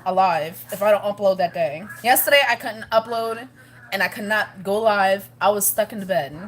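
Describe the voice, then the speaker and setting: A woman vlogging in a rambling, chatty way, laughing often as she talks to her viewers. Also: mid-range voice. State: pregnant, with morning sickness. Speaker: family vlogger. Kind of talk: casual chat to camera.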